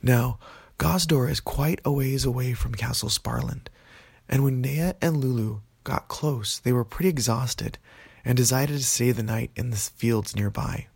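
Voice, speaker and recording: A man narrates a children's fantasy tale in a gentle, easygoing manner. His voice is gravelly and a bit husky at a middle pitch. The recording is dry and close. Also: a little slow, no echo. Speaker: storyteller. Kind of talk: children's bedtime story narration.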